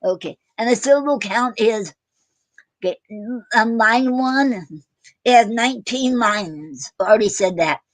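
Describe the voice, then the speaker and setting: A woman hosting a casual online poetry show, talking haltingly with many fillers and self-corrections. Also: a little high, lively intonation, no room sound, rough recording. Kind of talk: casual live-stream chat.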